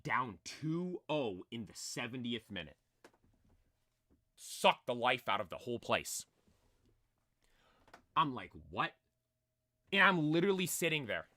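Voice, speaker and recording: A man's voice: medium pitch, very animated, a little slow, long pauses, pushed and bright, no echo. A young man telling a story with lots of energy, rambling with many fillers and restarts, his voice a little strained from screaming. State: voice nearly lost from screaming. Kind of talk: excited storytelling.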